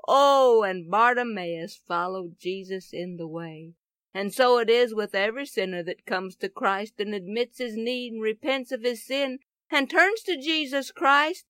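A woman telling a Bible story expressively, with dramatic swings of pitch and loudness. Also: expressive, measured pace, smooth, dry recording, studio quality.

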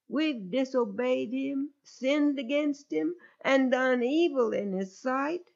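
Woman storyteller, slow and deliberate, very lively pitch, exclamatory, muffled lo-fi recording. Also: creaky. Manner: expressive, exclamatory. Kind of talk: children's Bible story narration with gospel appeal. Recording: dull lo-fi recording.

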